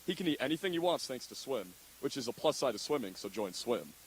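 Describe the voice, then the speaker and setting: A man announcing candidates at a school assembly, reading jokey introductions in a deadpan way. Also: medium pitch, fast talker, slightly rough, low-quality recording. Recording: faint hiss.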